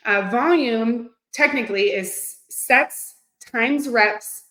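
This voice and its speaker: Upbeat woman fitness coach, 30s, fairly high voice, gushing and chatty, roomy echo. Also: moderate pace, fairly bright tone. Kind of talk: live-streamed coaching talk. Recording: echoey room.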